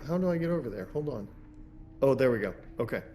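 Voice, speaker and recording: A young man playing a tabletop game, playful and excitable. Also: mid-range voice, fast, slight background noise. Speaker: player.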